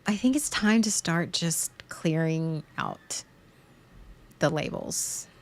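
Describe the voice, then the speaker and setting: A woman's voice: sits low, huge pitch swings, slow, vocal fry. Rambling woman, frank confessional monologue. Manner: rambling, with many restarts and repeated words; frank and emotional, swearing at times. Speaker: podcast host.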